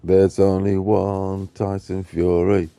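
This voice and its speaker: A man's voice: deep voice, flat delivery, slow pace, gravelly, mellow, no echo, faint music behind. A man with a British accent arguing heatedly on a live stream, aggressive and swearing, repeating threats over and over. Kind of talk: heated argument.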